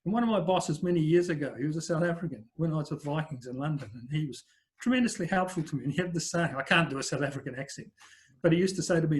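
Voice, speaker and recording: A man's voice: fairly high pitch, quick pace. Chatty New older man. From New Zealand. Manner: chatty anecdotal storyteller, frequent fillers. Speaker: guest, business coach. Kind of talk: conversational interview storytelling.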